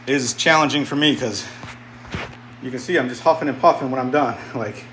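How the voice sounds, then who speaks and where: A man's voice: mid-range voice, moderate pace, a bit bright, echoey room, a little hiss or hum, poor audio. A man in his fifties livestreaming a casual workout chat from his home basement gym, plainspoken and rambling, repeating himself as he talks. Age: 50s. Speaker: fitness streamer. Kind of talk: casual live-stream chat while lifting.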